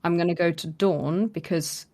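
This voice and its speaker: A woman's voice: fairly low pitch, normal speed. A woman co-hosting a podcast, telling a story in casual chat and acting out the quoted lines with lots of fillers. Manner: animated retelling, acts out quoted lines with many fillers. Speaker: podcast co-host.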